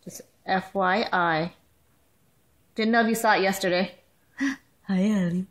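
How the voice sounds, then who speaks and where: A woman's voice: mid-range voice, steady tone, a little slow. A mother talking to her baby in a home video, coaxing and teasing in playful sing-song baby talk.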